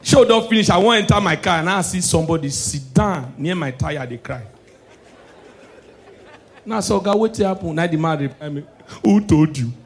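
Nigerian guy doing standup, high voice, gets loud and excitable on the punchlines. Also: normal speed, creaky, pauses often, slight background noise. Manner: excitable, shouts punchlines, switches to Pidgin. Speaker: stand-up comedian. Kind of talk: live stand-up comedy.

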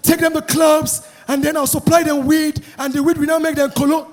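A man with a Nigerian accent doing animated stand-up comedy, shouting his punchlines in pidgin. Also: extremely high pitch, fairly quick, over music. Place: live comedy venue. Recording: live stage with crowd noise and echo. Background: audience.

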